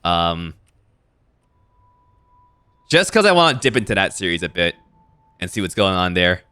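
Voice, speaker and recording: A man streaming a video game, giving animated, swear-heavy commentary with frequent reactions. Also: low-pitched, a little slow, clean tone. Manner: animated, swears and laughs often. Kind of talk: casual let's-play commentary.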